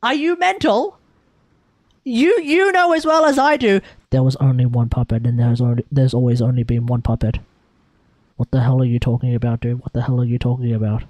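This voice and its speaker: A woman's voice: extremely low pitch, steady tone, brisk, a little mellow, dry recording, voice pushed down. A woman with an Australian accent voicing an exasperated, crude little female fairy companion who rants and swears. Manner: ranting, repetitive, swearing.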